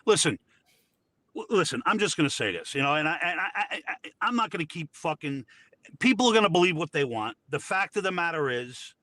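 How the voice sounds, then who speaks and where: A man's voice: a little high, animated, brisk, pushed and bright, no echo. A man from Georgia co-hosting a casual livestream chat, profane, blunt and combative. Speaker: co-host.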